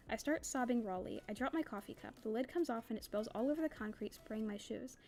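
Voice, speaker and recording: Quiet woman reading a sad novel. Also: a little high, fast, creaky, hardly any pauses, faint music behind. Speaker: audiobook reader.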